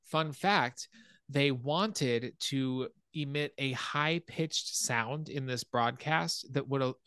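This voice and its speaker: A man hosting a podcast, casually retelling a film scene by scene and getting animated at the scary parts. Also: takes it slowly, clear, resonant tone, no echo, studio quality. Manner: animated storytelling, rises in pitch when excited. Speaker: podcast host.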